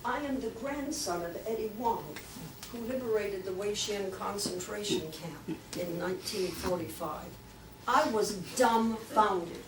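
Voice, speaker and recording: An older woman giving a lively storytelling talk to a club, acting out the voices she quotes. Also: mid-range voice, slight background noise. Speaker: guest speaker. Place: club meeting room. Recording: echoey room, mic from far off.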